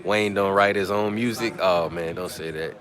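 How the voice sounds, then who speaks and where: A low-voiced man hosts a loose, slangy livestream on his phone and reads out viewers' shout-outs. Chatter from a busy room hums behind him. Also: moderate pace. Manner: laid-back slang, reads out viewer comments. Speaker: livestream host. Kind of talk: casual live chat with viewers. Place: press conference media room.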